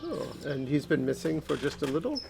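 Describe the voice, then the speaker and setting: Gravelly, lively man questioning in character. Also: on the high side, fairly quick, over music. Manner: inquisitive, questioning. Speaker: player. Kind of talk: in-character tabletop play.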